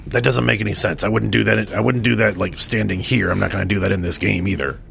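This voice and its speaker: A very deep, gravelly man playing a tabletop game, his voice bright and edgy. He talks hesitantly and stumbles over his words. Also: steady tone, fast, soft background music. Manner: hesitant, stammering. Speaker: player. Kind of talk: casual tabletop game play.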